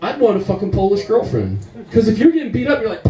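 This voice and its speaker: A man doing stand-up, telling stories in a profane, animated way. His voice runs a little high with lively swings in pitch, and his tone is mellow. The sound echoes around a roomy club. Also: fast talker, far from the mic, a crowd in the background. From United States. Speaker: comedian. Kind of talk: stand-up comedy.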